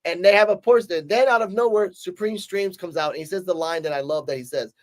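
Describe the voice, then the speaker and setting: A man casually reviewing a show episode, animated and acting out scenes as he recaps, with the odd swear. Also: sits high. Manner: animated, acts out scenes in quick voices; casual, swears now and then.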